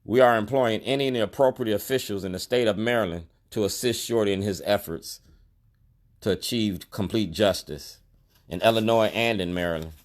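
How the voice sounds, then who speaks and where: A fairly low-pitched, fairly quick male voice belongs to a middle-aged store owner turned activist vlogger. Speaking right to the camera, he protests in colloquial, insistent terms and repeats what matters most to him.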